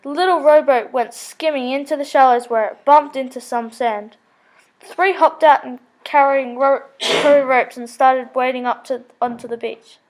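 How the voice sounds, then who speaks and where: A woman's voice: high voice, normal speed, slight background noise. A woman reading a children's story aloud, with small slips and self-corrections.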